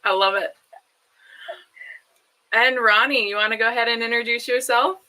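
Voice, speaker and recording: Woman moderator, friendly and light, bright tone. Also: fairly high pitch, steady tone, moderate pace, rough recording. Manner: friendly, laughs easily. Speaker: host, moderator. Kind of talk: moderating a live Q&A. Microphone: video call.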